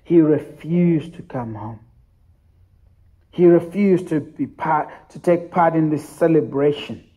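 Slow, high-voiced pastor. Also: male voice, warm tone. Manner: emphatic storytelling, repetitive. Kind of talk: sermon.

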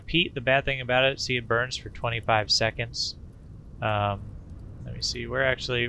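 A man with a gravelly, bright voice gives loose, folksy commentary on his game, sprinkled with playful noises. Faint noise sits behind him. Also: mid-range voice. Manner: rambling, folksy, with filler sounds like boop. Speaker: gaming channel host. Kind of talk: casual let's-play commentary.

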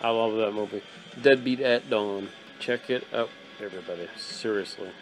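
A young man hosting an absurdist comedy show, swinging from manic yelled bursts to mumbled asides. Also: lowish voice, steady tone, moderate pace, faint music behind. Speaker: host.

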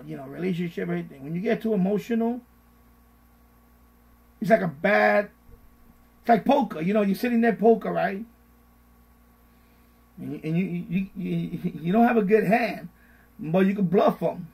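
Middle-aged guy on a finance stream, kinda high voice, gravelly and husky, says everything twice. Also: moderate pace, pauses often, low-quality recording. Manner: repetitive, animated, mocks panicked voices. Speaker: finance live-stream host. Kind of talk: casual investing advice live stream.

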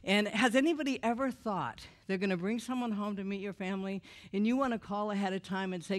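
Animated woman telling a funny testimony. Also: a little high, fairly quick. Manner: animated, humorous, acts out quoted voices. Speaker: speaker giving a personal testimony. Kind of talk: storytelling testimony to an audience. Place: church event before an audience.

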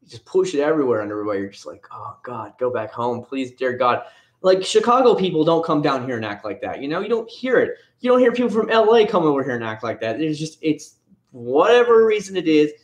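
Brief: man, late thirties, livestream host, rambling and frank, mid-range voice, echoey room. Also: medium pitch. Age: 30s. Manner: rambling, conversational, frank opinions. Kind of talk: casual livestream chat answering viewer questions.

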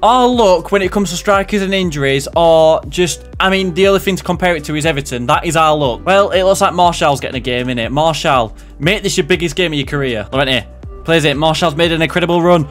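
A young man commentating on a football video game he is playing, jumping between loud outbursts and low muttered asides. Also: fairly quick, faint music behind. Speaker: gaming commentator.

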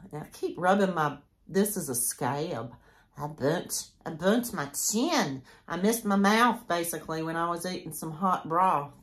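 A woman's voice: on the low side, fairly bright tone. A woman in her sixties chatting casually to camera as a crochet vlogger, rambling and interrupting herself as she goes. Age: 60s.

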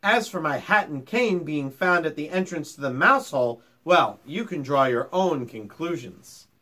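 A man's voice: a little high, lively intonation, a little slow, bright, forceful tone, full character voice. Stuart, a dry little mouse-boy, read by a man. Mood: matter-of-fact. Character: tiny mouse-sized boy, dry and unruffled.

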